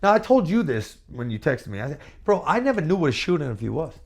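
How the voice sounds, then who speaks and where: A quick-paced man with a voice on the high side, this former pro wrestler is being interviewed in a candid shoot. His storytelling is animated, boastful, brash, and profane, with bursts of repeated words.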